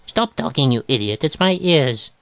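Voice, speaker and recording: A man's voice: mid-range voice, fairly quick, no room sound, lightly acted. A man voicing a fussy, irritable male composer who gets frantic and snappish in a storybook reading. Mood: irritated. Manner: snappish and panicky.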